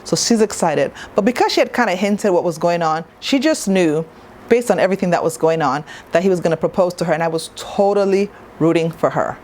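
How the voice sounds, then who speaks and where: A woman's voice: lowish voice, a little fast, darkish tone. A woman talking to camera in a casual review vlog, chatty and playful, with asides to the viewer. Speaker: TV show reviewer.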